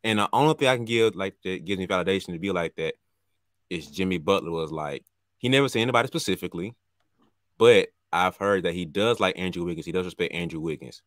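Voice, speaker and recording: Male podcast co-host, lower voice, laid-back and agreeable, dry sound. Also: fast, dry recording. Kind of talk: casual sports chat.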